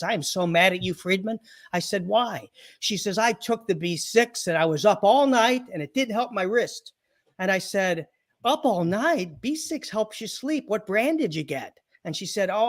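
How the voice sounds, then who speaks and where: High-voiced joking man telling stories. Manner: jokey anecdotes, acts out patients' voices, laughs often. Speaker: guest, chiropractor and comedian. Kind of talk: storytelling interview.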